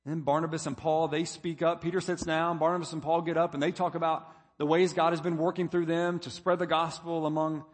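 A man's voice: a little high, level tone, a little fast, few pauses, in a large hall. A man preaching a sermon, building to emphatic points as he reads scripture. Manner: preaching, reading scripture aloud with rising emphasis. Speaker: pastor.

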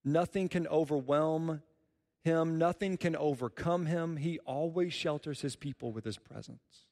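A man's voice: fairly high pitch, measured pace, a little mellow, big-room sound. A man preaching a sermon as a pastor, earnest and repeating key phrases for emphasis.

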